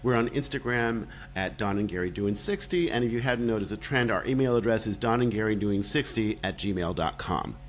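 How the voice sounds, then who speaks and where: A man's voice: fairly low pitch, brisk, hardly any pauses, slight background noise. A man in his sixties co-hosting a podcast in casual chat, chatty and self-deprecating. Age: 60s. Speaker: podcast co-host.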